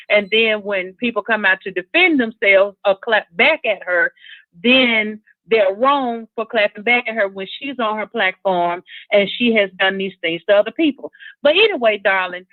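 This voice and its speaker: A woman's voice: mid-range voice, normal speed, no echo. A woman calling into a live talk show, speaking her mind with some rambling restarts. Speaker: caller. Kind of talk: call-in show opinion. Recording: tinny phone line, dry.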